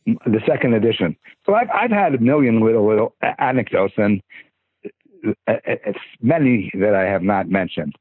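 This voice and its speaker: An older man, a guest on a podcast, spins casual stories, rambling, stammering and beginning sentences again. His fairly low, husky voice has lively intonation and a normal pace. It sounds tinny and phone-like, with no room sound.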